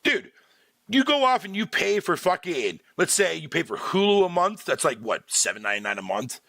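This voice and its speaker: A gravelly man with a bright edge rants on a livestream, his pitch swinging widely as he swears through his complaints. The sound is dry and close, with no room around it. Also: normal speed, no room sound. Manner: profane, animated ranting with frequent laughter. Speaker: streamer. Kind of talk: casual livestream rant.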